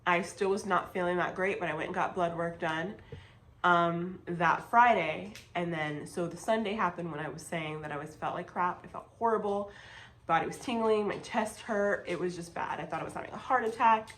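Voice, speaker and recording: A woman's voice: lowish voice, normal speed, a bit bright, slight background noise, low-quality recording. A young woman vlogger telling a personal story in a casual, chatty way, with lots of fillers and emphatic asides.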